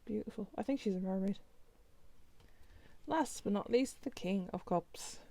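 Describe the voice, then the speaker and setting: A woman's voice: mid-range voice, a little slow, dark tone. A woman casually flipping through a new tarot deck, naming each card and reacting with chatty remarks. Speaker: tarot reader reviewing a deck.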